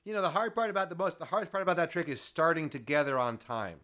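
A man's voice: on the high side, fast, fairly bright tone. A man hosting a podcast, interviewing a guest with dry, teasing humor. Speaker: podcast host.

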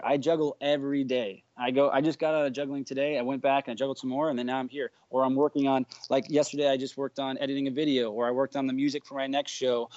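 A man guest juggler from the United States, chatting on a podcast as an animated storyteller who acts out the quotes. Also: mid-range voice, no room sound. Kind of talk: casual podcast chat. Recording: dull, dry lo-fi sound.

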